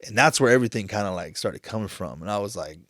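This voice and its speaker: A man in his thirties talking on a podcast, emotional and halting, tearing up as he speaks with many restarts. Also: lowish voice, animated, fairly bright tone, no room sound, studio quality. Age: 30s. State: tearful. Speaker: podcast host. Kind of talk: casual chat.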